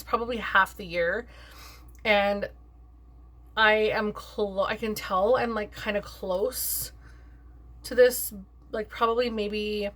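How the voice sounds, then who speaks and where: A woman's voice: mid-range voice, a bit bright. A young adult woman talking casually through her makeup products as a beauty vlogger, chatty and upbeat, filling her sentences with "like" and "um". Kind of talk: casual makeup review chat.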